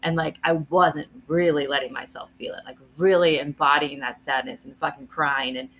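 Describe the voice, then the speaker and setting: A woman's voice: low-pitched, steady tone, normal speed, a bit bright, slight background noise. A woman co-hosting a podcast, giving earnest advice in casual chat and swearing now and then.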